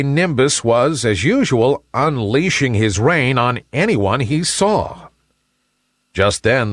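A man narrating a children's storybook in an expressive, unhurried way. His delivery is slow and his pitch swings widely and animatedly. The recording is close and dry. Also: slightly rough, no room sound.

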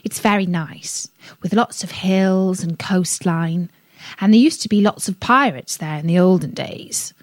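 A woman reading a children's story aloud on a radio show, gentle and expressive. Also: on the low side, measured pace, dry recording.

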